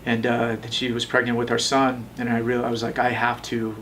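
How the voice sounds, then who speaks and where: A man in his thirties recounts his past in a loose interview, circling back and restarting his sentences often. His pitch sits in an ordinary middle range. A faint hum runs beneath the voice. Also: monotone, a little fast, fairly bright tone, far from the mic. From Las Vegas, USA. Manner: rambling, with frequent restarts. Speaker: tattoo shop owner. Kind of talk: casual storytelling interview.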